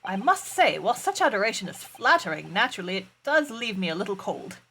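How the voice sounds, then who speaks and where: A woman's voice: medium pitch, big pitch swings, quick pace, background noise. Woman doing a pompous Victorian detective man. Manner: grandiose, theatrical, formal diction. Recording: game music behind.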